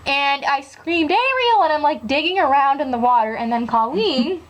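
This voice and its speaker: A young woman with a fairly high voice talks through her doll collection in an easy show-and-tell way. She rambles and leans on fillers as she goes. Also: moderate pace, poor audio. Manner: chatty and rambling, with many fillers. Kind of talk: casual show-and-tell chat.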